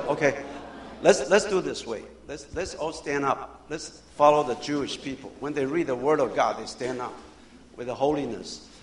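A man preaching a sermon as a pastor, in non-native English grammar, moving from quiet prayer to loud emphatic bursts. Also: medium pitch, normal speed. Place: church sanctuary. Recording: echoey church room.

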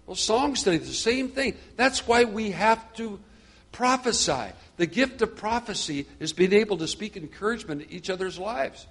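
A man's voice: high-pitched, lively intonation, moderate pace, a bit bright, husky. A middle-aged man leading a church small group, talking conversationally and growing fervent and preachy, often repeating phrases. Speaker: group leader.

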